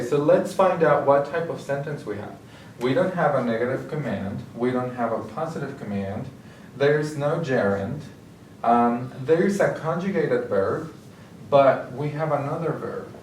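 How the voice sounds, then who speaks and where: A medium-pitched man with a darkish tone teaches Spanish grammar step by step in a recorded lesson, regularly pausing to ask "okay?". It's captured in an echoey room by a distant mic with faint hiss.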